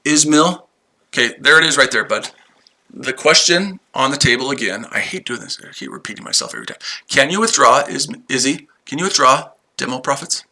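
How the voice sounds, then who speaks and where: A man hosting a live trading stream talks unscripted to his chat viewers, combative and profane and repeating himself a lot. His medium-pitched voice is very animated, creaky and sharp, and he speaks fairly quickly.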